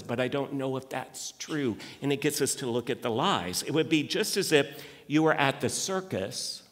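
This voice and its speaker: A male pastor delivers a sermon in a loose, conversational way, acting out little quoted voices and often restarting his sentences. His voice sits somewhat high for a man, and it rings out with a long reverb through the church hall. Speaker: lead pastor. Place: church sanctuary.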